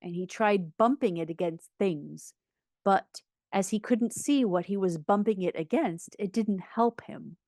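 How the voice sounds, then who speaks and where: A woman reading a children's audiobook aloud with an expressive, storytelling delivery. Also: medium pitch, unhurried, no echo, clean studio sound. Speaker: audiobook reader.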